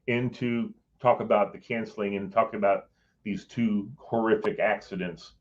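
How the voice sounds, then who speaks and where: On dull lo-fi audio with a little hiss or hum, a man who used to work on Capitol Hill rambles through a personal anecdote. His voice sits on the low side with fairly even intonation and normal speed, and he drops some swearing while mimicking what others said.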